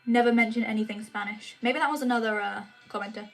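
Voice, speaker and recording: A woman's voice: fairly high pitch, steady tone, fast talker, faint music behind. A teenage girl from England chatting casually on a livestream as she reads and answers comments, often restarting her sentences. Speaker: livestream host. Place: home room.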